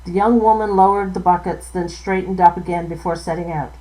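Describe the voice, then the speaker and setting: A woman's voice: on the low side, fairly even intonation, brisk, warm tone, low-quality recording. A woman author reading a passage from her own novel aloud, now and then stumbling over words and correcting herself.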